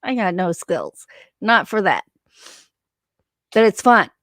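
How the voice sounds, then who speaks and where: Woman host at home, chatty livestream talk, reads out comments, dry sound, mid pitch. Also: sing-song, takes it slowly, no echo. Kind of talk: casual livestream chat. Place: her home.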